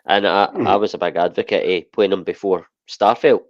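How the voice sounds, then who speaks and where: A Scottish man chatting on a podcast, with a low voice and a rambling delivery full of "eh" and "listen." The sound is dry, close and dull. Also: moderate pace, no room sound. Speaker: podcast co-host. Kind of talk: casual football chat.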